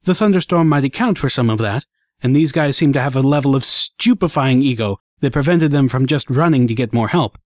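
A man reading a first-person action story aloud in an expressive, dramatic way. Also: medium pitch, brisk, no echo, studio quality. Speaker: audiobook narrator.

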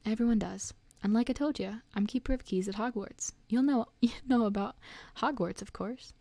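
Booming hot-tempered giant man as voiced by a woman, blustering, warm dark tone, storybook reading. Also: moderate pace, no echo. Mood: friendly. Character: huge gruff male giant gamekeeper, hot-tempered.

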